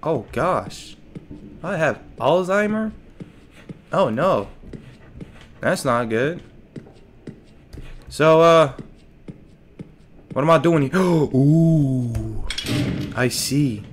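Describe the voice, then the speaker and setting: Slow-talking jokey gaming streamer man. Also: a little high, lively intonation, slight background noise. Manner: jokey, talks to himself and chat, yelps at scares. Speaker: let's play streamer. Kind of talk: casual gameplay commentary.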